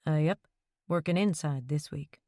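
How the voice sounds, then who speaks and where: Woman narrating as a steady, plain-spoken widower, low-pitched, calm and terse, firm under pressure, in a dry close recording. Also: normal speed, no echo, natural voice. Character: quiet, steady widowed man, stubborn when pushed.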